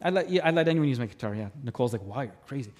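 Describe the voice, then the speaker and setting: A middle-aged man preaching a sermon as pastor, telling stories with animated delivery and acting out voices. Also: a little high, racing. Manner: animated storytelling, mimics voices in anecdotes. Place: church auditorium.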